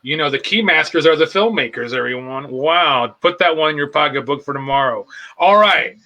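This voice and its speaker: A man's voice: on the high side, animated, moderate pace, sharp tone, rough recording. A man in an improv comedy show playing a pompous self-help guru who hosts and rambles in mock-profound phrases.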